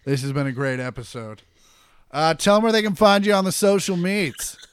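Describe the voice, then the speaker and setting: A man with a high, smooth voice, chatting on a podcast and swearing freely. He rants in mock anger. The sound is close and dry. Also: lively intonation, moderate pace, no room sound. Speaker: podcast host and comedian. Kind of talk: casual chat.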